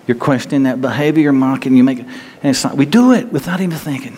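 Halting conversational male preacher. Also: medium pitch, darkish tone, long reverb tail. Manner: conversational, halting with repeated restarts. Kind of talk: sermon.

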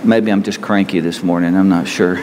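A man's voice: sits low, fairly even intonation, moderate pace, a little mellow. A man preaching a conversational sermon as a pastor, often acting out the voices of self-centered people. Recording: reverberant hall with faint room noise.

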